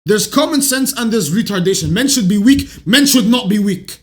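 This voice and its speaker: A man hosting a self-improvement channel, delivering a blunt, profane, opinionated monologue that rises to shouts when heated. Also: high voice, lively intonation, normal speed, few pauses. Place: Canada.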